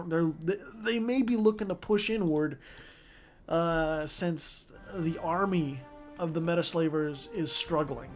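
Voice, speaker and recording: A strategy game commentator talking casually over a match, excitable, swearing often and restarting sentences. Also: medium pitch.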